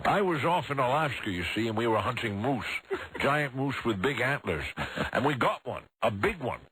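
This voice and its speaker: A radio host doing a comedy impression of a crude, touchy Scottish film star with a put-on Scottish accent, boastful and mock-menacing. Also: male voice, medium pitch, lively intonation, moderate pace, fairly bright tone, a little hiss or hum, close to an everyday voice, poor audio. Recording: radio broadcast.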